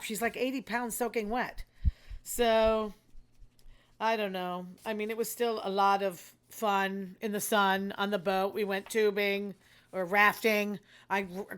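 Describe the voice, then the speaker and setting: A woman's voice: medium pitch, a bit bright. An older woman, hosting a casual monologue in a blunt, rambling, self-deprecating way. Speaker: host.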